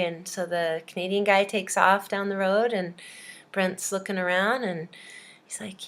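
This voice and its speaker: A woman's voice: on the low side, moderate pace. Chatty woman teacher telling a story. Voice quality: chatty, lots of "um" and "uh", animated storytelling. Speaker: language teacher. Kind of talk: storytelling to students.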